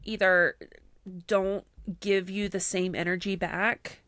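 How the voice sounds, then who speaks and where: A woman's voice: medium pitch, level tone, takes it slowly, a bit bright, no echo. A woman co-hosting a podcast, chatting casually and telling stories full of fillers and acted-out quotes. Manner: chatty storyteller, lots of fillers, acts out quotes. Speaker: podcast co-host. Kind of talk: casual chat.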